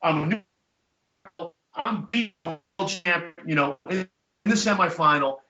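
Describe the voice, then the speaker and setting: A middle-aged man, a podcast guest, telling stories in casual chat, animated and emphatic with blunt profanity. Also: fairly high pitch, slow pace. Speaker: podcast guest, chiropractor and jiu-jitsu black belt. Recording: echoey room, dull lo-fi sound.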